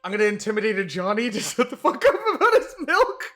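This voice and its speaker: A man's voice: high voice, wildly swooping pitch, fast, sharp tone, faint music behind. A young man playing a tabletop game, rowdy and joking, slipping into in-character banter. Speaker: player. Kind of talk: casual tabletop play.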